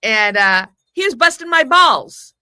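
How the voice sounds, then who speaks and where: A woman of Mexican heritage in her forties shares a long, rambling personal story as a podcast guest, dramatizing what people said. Her voice runs high with big pitch swings and a slightly slow pace, bright, forceful, clear and resonant. The studio sound is clean with no room sound.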